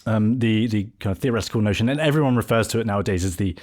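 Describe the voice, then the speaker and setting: A man's voice: lowish voice, rapid-fire, a little mellow. A man hosting a film podcast, speaking in a thoughtful, academic way during a conversational interview. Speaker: podcast host.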